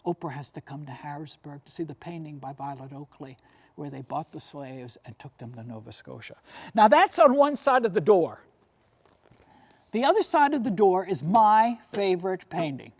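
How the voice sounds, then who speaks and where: Animated woman telling history stories. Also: on the low side, normal speed. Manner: animated storyteller with rhetorical questions and frequent "you see". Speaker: lecturer and tour guide. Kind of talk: storytelling lecture.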